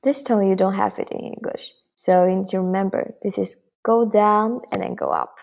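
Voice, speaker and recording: A woman teaching a beginner Mandarin lesson, patiently and clearly demonstrating tones. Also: mid-range voice, steady tone, moderate pace, darkish tone, highs cut off.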